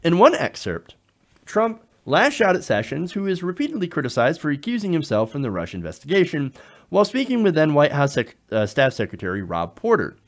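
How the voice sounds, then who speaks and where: A male political commentator, his pitch sitting a little high and swinging widely as he talks. He sounds indignant and animated, and he often stumbles over "uh" and restarts his sentences. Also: brisk.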